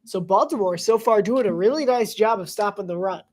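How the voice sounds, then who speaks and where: A woman's voice: medium pitch, fairly quick, a little mellow. Congested woman giggling through play-by-play. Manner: chatty, giggly, easily distracted. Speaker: live game commentator. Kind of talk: casual live play-by-play commentary.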